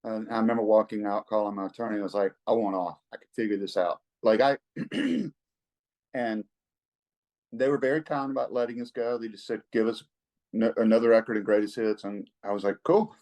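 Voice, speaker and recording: A middle-aged man, a rock singer-songwriter telling stories in a relaxed interview, folksy and quick to chuckle. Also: on the low side, low-quality recording. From American South. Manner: laid-back, folksy, chuckles often, repeats words when excited.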